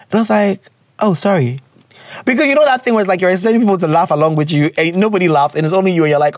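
Young guy on an advice podcast, high voice, all over the place, dry close mic. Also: fast talker, no echo. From Ghana. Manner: animated and joking, laughs often, drifts into Twi. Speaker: podcast host reading listener letters. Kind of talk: casual advice chat.

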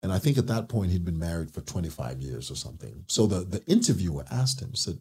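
Husky guy w a light zambian accent, lowish voice, tells stories and laughs a lot. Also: fast talker, few pauses. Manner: animated storyteller, laughs easily. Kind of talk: casual chat.

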